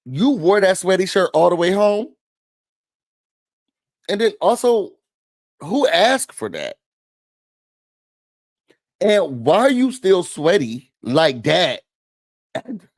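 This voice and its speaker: Animated guy w/ a talking to viewers, dry close mic, bit high for a man. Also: no echo. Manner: animated, talks straight to viewers, acts out quotes. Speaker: show host. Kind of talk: casual hot-topics commentary.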